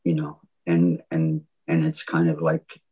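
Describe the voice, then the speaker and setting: Give me a deep, husky-voiced man with a soft Southern drawl, musing haltingly in an interview. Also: monotone, narrow, tinny audio. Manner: halting, many restarts and "you know"s. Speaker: songwriter guest. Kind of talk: reflective interview talk.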